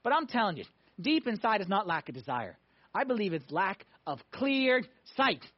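A man preaching a sermon to a congregation, emphatic, swinging between loud pushes and hushed moments. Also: high-pitched, big pitch swings, normal speed. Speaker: pastor. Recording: dull lo-fi sound.

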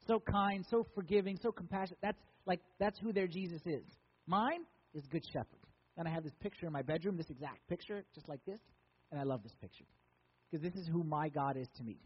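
A man's voice: high-pitched, husky, long reverb tail, highs cut off. A man preaching as a pastor, conversational and joking with emphatic lines. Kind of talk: sermon.

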